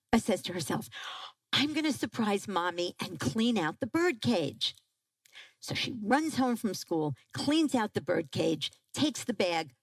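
A woman giving a parenting talk to a live audience, animated and asking the crowd questions. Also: on the low side, creaky, husky, no room sound, low-quality recording. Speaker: parenting speaker.

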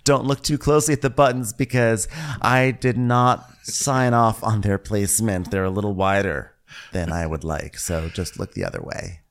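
A co-host doing a comedic recap, with wry, deadpan asides and frequent laughter. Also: mid-range voice, normal speed.

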